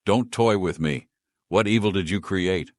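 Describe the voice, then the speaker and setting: A man voicing an agitated young woman mage who yells and growls in a raised voice. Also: sits low, measured pace, no echo, clean studio sound, pitched above the performer's own voice. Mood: furious. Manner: yelling, agitated. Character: furious young woman mage, shrill temper.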